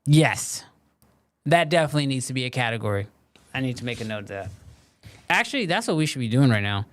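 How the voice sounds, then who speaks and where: A man hosting a live stream, chatting casually with viewers and answering their questions in a relaxed, conversational way full of "um" and "like". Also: mid-range voice, fast. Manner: relaxed and conversational, many fillers like "um" and "like".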